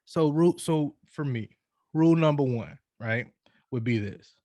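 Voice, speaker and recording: A man's voice: fairly high pitch, lively intonation, a little slow, dark tone, dry recording. A man co-hosting a casual chat, telling stories and giving loose, profane advice with lots of restarts. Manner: loose, profane, preachy storytelling with repeated restarts. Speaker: podcast co-host.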